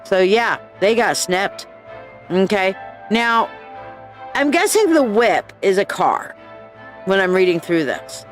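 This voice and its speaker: A woman's voice: mid-range voice, sing-song, slow pace, pauses often, soft background music. A woman hosting a psychic live stream in casual chat. She reads viewers' posts aloud, acts out the people in them with bold voices, and talks bluntly and with profanity, calling viewers babe and dear.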